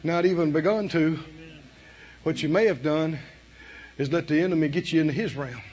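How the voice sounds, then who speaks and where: Here a drawling, high-voiced preacher delivers a fiery sermon at a moderate pace, dropping to quiet asides and then shouting. Between points he lets out a chuckle. The recording sounds muffled and low in fidelity.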